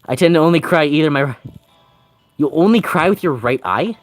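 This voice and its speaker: Lively, high-pitched joking gamer guy. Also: moderate pace, soft background music. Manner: rambling, jokey, laughs often. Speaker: gaming streamer. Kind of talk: casual game commentary, reading chat.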